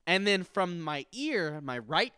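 A young man co-hosting a podcast, ranting heatedly with frequent cursing. His voice sits a bit high and swings widely in pitch. The sound is dry and close. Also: very animated, slow, bright, forceful tone, smooth, no echo. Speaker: podcast co-host. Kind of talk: casual chat.

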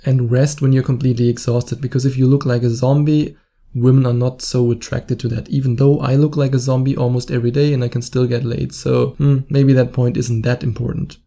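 German guy, gravelly and mellow, blunt self-mocking dating advice. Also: medium pitch, little pitch movement, brisk. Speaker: dating coach podcast host. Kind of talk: casual advice monologue.

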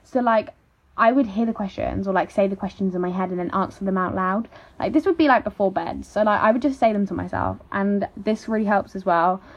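A woman's voice: mid-range voice, fairly quick. A young woman, chatting casually in a vlog and saying "like" and "literally" all the time. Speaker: vlogger. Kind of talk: casual chat. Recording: slightly dull lo-fi audio.

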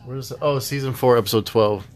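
A laid-back man hosts a casual podcast chat. He rambles and laughs often, and his voice sits at an ordinary middle pitch. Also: steady tone, quick pace, slight background noise. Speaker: podcast host.

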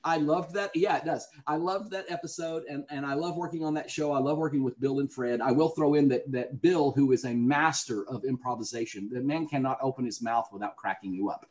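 Southern guy telling stories on a podcast, laughs a lot, regular pitch. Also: brisk, hardly any pauses, a little mellow. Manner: chatty storyteller, laughs often. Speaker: guest actor. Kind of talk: casual podcast interview.

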